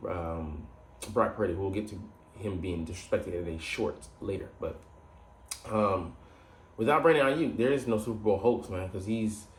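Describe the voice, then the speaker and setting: A man hosting a casual football analysis show, talking in a loose, rambling way with lots of fillers and restarts. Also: sits low. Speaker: podcast host. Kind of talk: casual sports analysis monologue. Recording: echoey room with faint background noise.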